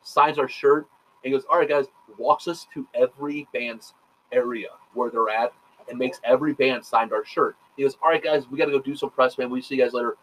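A man talking fast and loose on a casual podcast, swearing freely as he spins a long anecdote. He acts out what everyone said, one line after another, at a mid-range pitch. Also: steady tone, a bit bright, slight background noise, low-quality recording. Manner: rapid, profane storytelling full of quoted dialogue. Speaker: podcast host. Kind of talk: casual chat.

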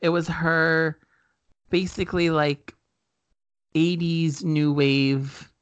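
A man's voice: a little high, little pitch movement, slow, fairly bright tone, clean tone, no echo, muffled recording. A man co-hosting a podcast in casual chat, rambling with many fillers and self-corrections. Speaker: podcast co-host.

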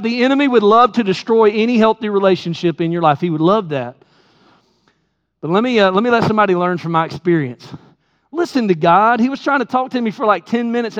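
A man, preaching a sermon as pastor and telling candid stories about himself. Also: high-pitched. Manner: candid storytelling with laughs, acting out his own quotes. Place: church sanctuary. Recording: dull sound with long hall reverb.

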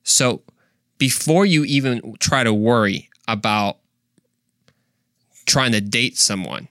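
A man's voice: mid-range voice, slow pace, sharp tone, no echo, studio quality. Earnest man hosting a faith podcast. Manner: earnest, fires off rhetorical questions, casual slang. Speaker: podcast host.

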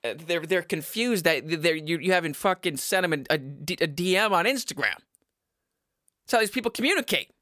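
A man in his twenties talks to his viewers from home in a loose, crude ramble, restarting sentences and chuckling at his own jokes. His voice sits a little high for a man and sounds bright and tense. The sound is dry and close, with no room echo. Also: animated, a little fast. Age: 20s. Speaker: vlogger giving dating advice. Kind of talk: casual rambling monologue to camera.

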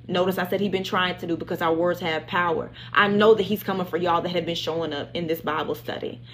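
A woman's voice: medium pitch, a bit bright. A woman leads a livestreamed Bible study in a mid-range voice, preaching with fervor and repeating lines for emphasis. She moves into spoken prayer over her listeners. A faint ambient hiss sits behind her. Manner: impassioned, repetitive preaching with prayer.

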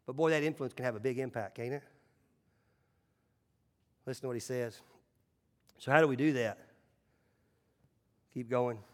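A male pastor preaching a sermon in a church, emphatic, swinging between loud calls and hushed asides. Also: mid-range voice, normal speed, long pauses, big-room sound. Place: church sanctuary.

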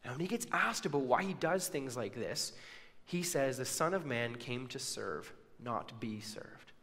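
A man's voice: medium pitch, animated, moderate pace, vocal fry, fairly bright tone, in a large hall. A man preaching a sermon, telling a story and acting out the people's words with casual asides. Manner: storytelling with acted-out quotes and asides.

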